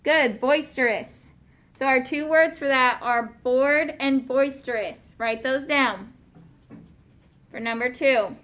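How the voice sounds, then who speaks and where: A woman teaching a class of young students, patiently asking questions and slowing down to spell out and explain words. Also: sits high, fairly bright tone.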